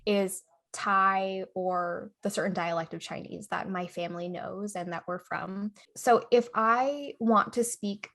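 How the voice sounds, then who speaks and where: A woman's voice: mid-range voice, fairly even intonation, a little slow, few pauses, a bit bright. A young adult woman co-hosting a podcast in casual chat, laughing often and tagging her points with "right?" and "okay?". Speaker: podcast co-host.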